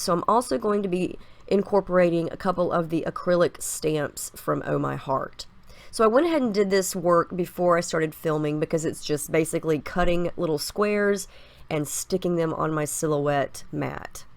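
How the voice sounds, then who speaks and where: A woman's voice: low-pitched, no echo. A woman with a stuffy cold, chatting upbeat through her scrapbooking steps in a casual voice-over. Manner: chatty and upbeat, explaining each step. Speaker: scrapbooking crafter. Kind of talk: casual process video voice-over.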